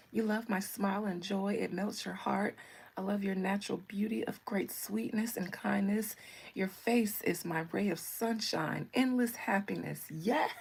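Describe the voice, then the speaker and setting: A woman's voice: mid-range voice, vocal fry, husky. A woman doing a live-stream tarot session, reading out viewer comments in a sassy, playful, teasing way.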